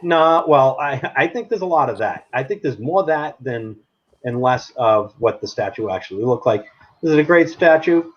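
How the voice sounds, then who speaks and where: A man co-hosting a casual podcast chat, opinionated and animated, laughing often. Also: mid-range voice, normal speed. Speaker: podcast co-host. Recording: dull lo-fi sound with faint noise.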